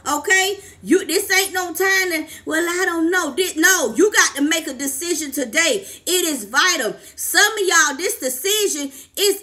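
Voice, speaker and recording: A woman's voice: very high voice, unhurried, hardly any pauses, pushed and bright. A woman life coach, preaching to camera with fervent, repetitive exhortations and calls of "come on, somebody".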